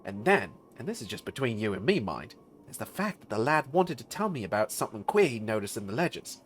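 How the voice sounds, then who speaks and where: A man voicing a gruff veteran male mercenary officer, talking bluntly with rough slang. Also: lowish voice, sing-song, fast, fairly bright tone, soft background music.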